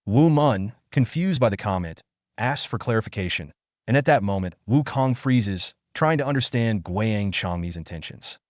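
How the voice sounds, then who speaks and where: A man narrating a comic story recap in a steady, scripted storytelling manner. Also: fairly low pitch, moderate pace, dry recording, clean studio sound.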